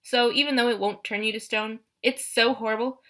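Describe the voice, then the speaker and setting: Woman, audiobook narrator, bright voice, brisk expressive first-person reading. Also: on the high side.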